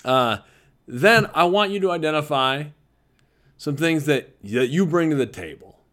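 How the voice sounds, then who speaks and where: A man's voice: a little high, animated, unhurried, a bit bright. A man who teaches visual arts, talking earnestly and conversationally to fellow teachers and laughing easily.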